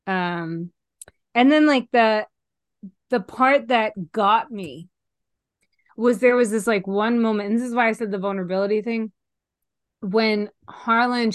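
A middle-aged woman chats animatedly on a podcast, restarting her sentences as she goes. Her voice sits at an ordinary pitch for a woman. The recording is dry and close, with no room sound. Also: no room sound. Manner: animated and chatty, trailing off and restarting. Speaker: podcast co-host. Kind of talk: casual chat reviewing a film.

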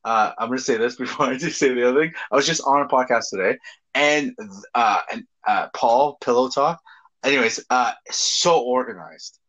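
A man's voice: medium pitch, normal speed, highs cut off. A man co-hosting a casual podcast, telling crude stories with lots of laughter and swearing. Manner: animated storytelling, laughs often, swears freely. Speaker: podcast co-host.

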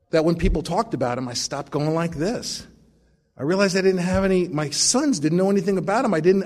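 A man's voice: on the high side, a little mellow. A middle-aged man sharing his recovery story at a meeting, with wry, self-mocking humor.

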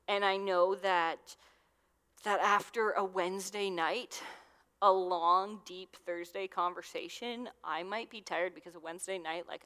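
A young woman gives a relaxed, chatty sermon, talking to a youth group like friends. Her voice sits on the low side, and a long hall reverb trails after her words. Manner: chatty, conversational, with many fillers. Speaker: youth minister. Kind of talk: casual sermon.

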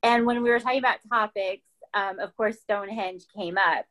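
A woman's voice: medium pitch, steady tone, normal speed, fairly bright tone, low-quality recording. A woman from the United States hosting a casual podcast chat, giggly and enthusiastic.

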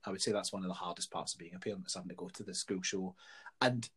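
A man's voice: deep voice, steady tone, very fast, a bit bright, a little hiss or hum. A middle-aged man with a Scottish accent, telling wry stories and swearing freely in a casual chat.

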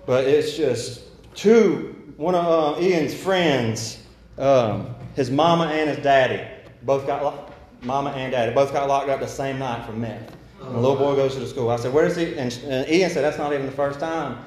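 Halting young preacher in an echoey church. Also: male voice, medium pitch, a little mellow. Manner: halting, many restarts and fillers; slow measured scripture reading. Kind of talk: sermon. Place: church sanctuary.

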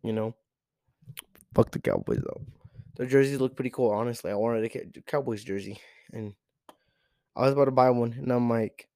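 A man's voice: medium pitch, normal speed, gravelly, long pauses, warm tone, dry recording, studio quality. A teenage boy hosting a podcast, ranting in an exasperated, profane way with lots of repeated rhetorical questions. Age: teens. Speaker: podcast host. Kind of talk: solo sports rant.

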